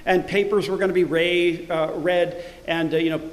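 A middle-aged man, the church's pastor, preaching a sermon; he swells loudly on scripture verses and drops to quiet, conversational asides. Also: high-pitched, flat delivery, moderate pace, reverberant, long reverb tail. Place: church sanctuary.

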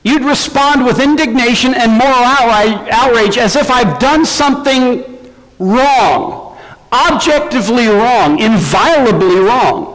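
A man preaching a sermon in an emphatic, animated way, often asking his listeners rhetorical questions. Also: sits high, big-room sound, rough recording.

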